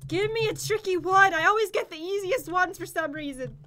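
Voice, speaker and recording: A woman's voice: very high-pitched, fairly quick, bright, forceful tone, a little hiss or hum. A young woman co-hosting casual gaming chat, giggly and teasing. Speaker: gaming co-host.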